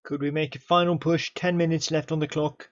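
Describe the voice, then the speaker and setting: A man commentating his own football management game, excitable and chatty, cheering on his players and talking to them. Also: on the high side, a little fast, highs cut off. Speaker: gaming YouTuber.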